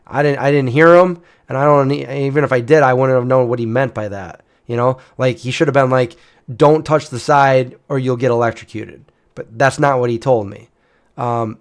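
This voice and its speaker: A man's voice: medium pitch, moderate pace, clean tone. Man telling a story, rambling. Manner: rambling, with frequent restarts and fillers. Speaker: channel host. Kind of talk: casual storytelling.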